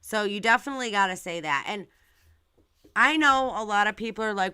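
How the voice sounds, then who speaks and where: Talking a little fast with lively intonation, a channel host chats straight to her viewers, full of fillers and restarts as she rambles through live commentary. Her mid-range voice sounds pushed, bright, and clean, recorded dry.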